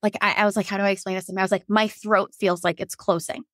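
A woman's voice: flat delivery, quick pace, fairly bright tone, no room sound, studio quality. A woman in her thirties, a nurse, telling her own birth story as a podcast guest, candid and emotional, acting out what she said back then. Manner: emotional, acts out her own quoted lines with rising pitch.

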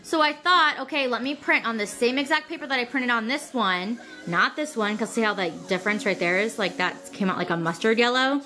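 A sick woman rambles casually at home, her voice sitting a little high for a woman. She talks in a chatty, filler-heavy way. Music plays clearly behind her. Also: brisk, few pauses, sharp tone. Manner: turns high and singsong when talking to her toddler. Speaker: vlogger. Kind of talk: casual home vlog chat.

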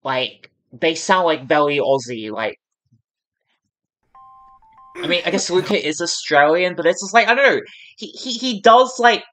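Rambling woman with a low, lively voice. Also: a little slow, pauses often. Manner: rambling, hedging with many fillers. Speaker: reaction video host. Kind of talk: casual reaction commentary.

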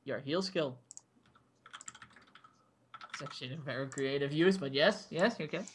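A man's voice: a little high, unhurried, a little hiss or hum. A man running a tabletop game as game master, narrating loosely with lots of "like" and laughter. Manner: laughing, rambling with many "like"s.

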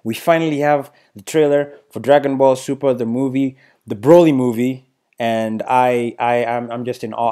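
A man hosting a casual trailer reaction video, excitable and stammering, often repeating himself. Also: mid-range voice. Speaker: YouTube reaction host.

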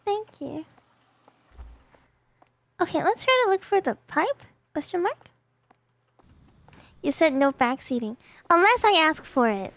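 Very high-voiced playful woman streamer. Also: big pitch swings, unhurried, long pauses, fairly bright tone, a little hiss or hum. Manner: playful, dramatic exclamations, chatting with viewers. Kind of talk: casual gaming livestream.

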